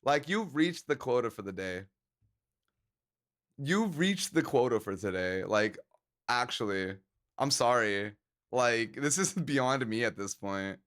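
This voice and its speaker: A man's voice: medium pitch, animated, slow pace, a bit bright. A man live-streaming and chatting casually with his viewers, joking around and laughing often.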